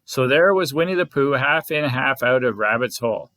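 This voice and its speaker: A man who leads a scout group, reading a bedtime story aloud in a gentle, expressive way. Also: mid-range voice, moderate pace, dry recording. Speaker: scout leader.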